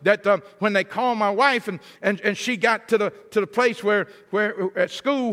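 A man giving a sermon as a guest preacher, emphatic and building toward near-shouts, often repeating words as he goes. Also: high-pitched, normal speed, hardly any pauses. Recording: long hall reverb.

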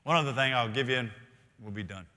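A male senior pastor preaching a sermon in a church, earnest, often slowing and dropping to quiet emphasis. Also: medium pitch. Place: church sanctuary. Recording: long reverb of a large hall.

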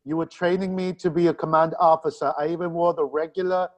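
A man's voice: on the high side, level tone, quick pace, close to an everyday voice. A man voicing a blunt female alien ship's counselor who scolds and swears in a comedic impression. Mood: scolding. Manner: crude, accusing, swearing.

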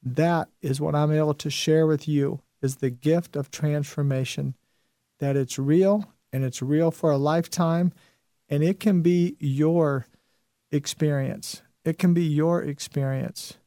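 A man's voice: fairly high pitch, fairly even intonation, measured pace, dark tone, dry recording, studio quality. A man in his fifties hosting a show, giving an emphatic motivational talk and repeating his key phrases. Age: 50s. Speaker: host.

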